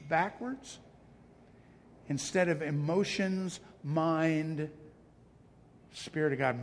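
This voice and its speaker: A male pastor delivering a sermon, passionate and emphatic, with self-deprecating asides. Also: on the high side. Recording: long hall reverb.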